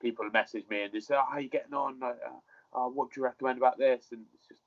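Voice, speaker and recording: Laid-back fighter guest. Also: male voice, medium pitch, fairly even intonation, quick pace, creaky. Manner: laid-back, easygoing, says "innit". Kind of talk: casual interview chat. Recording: dull lo-fi sound.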